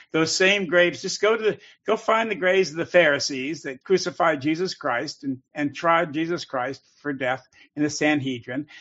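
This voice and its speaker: Co-host, male, emphatic and heated, slightly high voice, dull lo-fi audio. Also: a bit bright. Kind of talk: call-in show talk.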